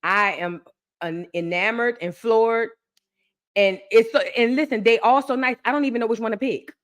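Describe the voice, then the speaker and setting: A young woman chatting excitedly with her viewers on a live stream, repeating phrases for emphasis. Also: on the high side, moderate pace. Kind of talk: casual live-stream chat.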